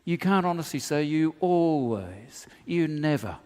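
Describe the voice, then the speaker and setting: A man preaches a sermon in a fairly high voice, joking with his congregation and acting out snatches of everyday conversation. His words carry a long reverb from the hall around him. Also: lively intonation, a little slow, darkish tone. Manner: humorous, acts out dialogue, laughs often. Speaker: pastor.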